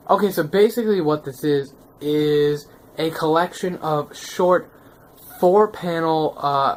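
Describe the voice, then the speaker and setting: Sex: man. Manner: excitable, slangy manga vlogger. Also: on the high side, slight background noise. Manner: excitable, slangy, often checks in with the viewer. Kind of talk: casual video review.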